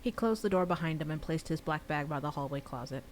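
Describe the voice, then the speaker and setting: A woman reading her own novel aloud on a livestream, pausing for casual chatty asides. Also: deep voice, animated, slight background noise.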